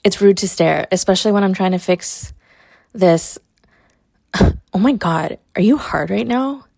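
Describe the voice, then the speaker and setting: Teasing young woman with vocal fry. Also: medium pitch, lively intonation, measured pace, a little mellow, no room sound, studio quality. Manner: teasing, mocking, laughs often. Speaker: college athlete character in an audio role-play. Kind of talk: scripted audio role-play.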